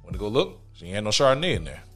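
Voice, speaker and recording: A young man with a lower voice talks fast, and his pitch swings widely as he tells a story. He is slangy and animated, and he acts out both sides of a quarrel in a loose, casual podcast chat. Soft music plays underneath. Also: slightly rough. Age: young adult. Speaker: podcast co-host.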